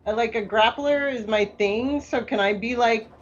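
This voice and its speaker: A woman playing a tabletop game who speaks in an unhurried, soft way. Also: on the high side. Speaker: player. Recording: dull lo-fi sound.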